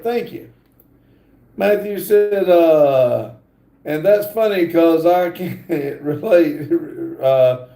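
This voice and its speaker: Reading chat comments on his livestream, this host talks casually in a drawl packed with fillers. He has a high yet mellow, relaxed voice, heard in an echoey room.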